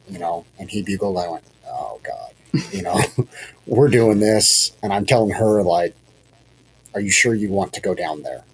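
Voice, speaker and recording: Man, very low voice, casual hunting story, rambling, self-deprecating, faint background hiss. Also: darkish tone, low-quality recording. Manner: rambling, self-deprecating, many fillers and restarts. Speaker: hunting guide telling a hunt story.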